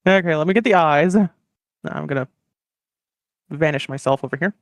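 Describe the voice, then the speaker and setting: A podcast host casually retelling history as comedy, animated with fast asides. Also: mid-range voice, dry recording, lo-fi sound.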